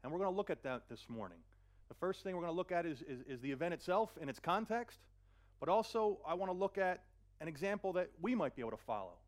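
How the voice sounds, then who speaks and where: A man's voice: sits high, animated. Earnest male preacher. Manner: earnest, repeats words while searching, slows for scripture. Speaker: pastor. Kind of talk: sermon.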